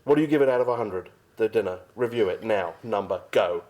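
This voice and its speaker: An adult woman hosts a casual family podcast with a very deep, low-pitched voice. Her delivery is lively and swoops widely in pitch. She teases and bosses the others along and breaks into laughter readily. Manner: teasing, bossy, quick to laugh. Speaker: podcast host.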